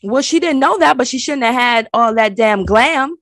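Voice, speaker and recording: A woman co-hosting a casual recap chat, talking in a sassy, animated, slangy way. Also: fairly high pitch, normal speed, dry recording. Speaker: podcast co-host.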